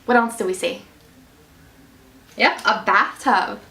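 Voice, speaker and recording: A woman's voice: mid-range voice, slow pace, vocal fry, pushed and bright. A woman reads a picture book aloud and stops to quiz children on nouns, verbs and adjectives, praising their answers in an encouraging singsong teacher voice. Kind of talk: reading aloud and quizzing children on grammar. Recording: echoey room from a distance.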